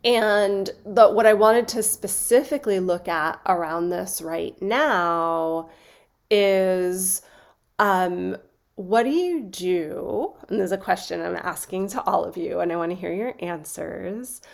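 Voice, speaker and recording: A woman's voice: on the low side, slow, creaky. A woman teaching on a group coaching call, earnest and reflective, often checking in with "right?". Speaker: coaching instructor.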